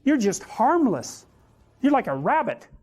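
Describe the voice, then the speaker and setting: A man's voice: extremely high pitch, very animated, a little slow, darkish tone. A man giving a reflective, lecture-style explanation, searching for words as he builds his point. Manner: thoughtful, searching, repeats words while building ideas. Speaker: psychology lecturer. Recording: with faint music underneath.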